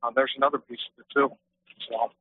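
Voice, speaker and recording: A man's voice: medium pitch, level tone, fast talker, slightly rough, no echo. A man calling in to a radio show, speaking hesitantly with many fillers. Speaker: caller. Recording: tinny phone line.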